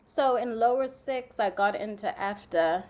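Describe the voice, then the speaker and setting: A woman's voice: medium pitch, a little slow. Chatty woman from Zimbabwe, lots of "like". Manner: chatty, animated storytelling with frequent "like" fillers. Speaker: guest, playwright and actress. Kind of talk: casual conversational interview.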